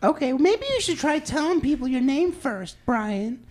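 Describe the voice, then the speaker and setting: A man's voice: very high-pitched, expressive, normal speed, a little mellow, pitched above the performer's own voice. A man voicing a married woman on the street who coolly turns down a stranger. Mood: curt. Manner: curt, hesitant "um" before brush-offs.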